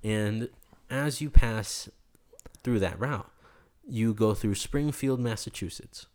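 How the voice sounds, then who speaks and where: A young man from New York, a guest in an interview, telling a story in an animated way and acting out the people he quotes. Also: on the low side, slow. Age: young adult.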